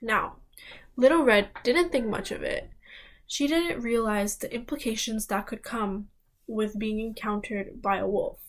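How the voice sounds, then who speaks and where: Young woman telling a fairy tale out loud, slow and creaky. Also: fairly high pitch, low-quality recording. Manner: addresses listeners, dramatic pauses. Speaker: student storyteller. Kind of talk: oral fairy-tale storytelling.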